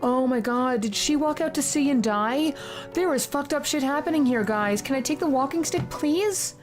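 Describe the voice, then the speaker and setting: A woman playing a horror video game, reacting excitedly with frequent swearing and reading the on-screen text aloud. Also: high-pitched, normal speed, faint music behind. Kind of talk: casual let's-play commentary.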